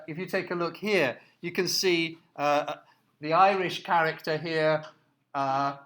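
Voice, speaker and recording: Halting lecturer, fairly high male voice. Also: fairly bright tone. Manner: halting, many fillers and restarts; explanatory, asks listeners to look at slides. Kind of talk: recorded lecture.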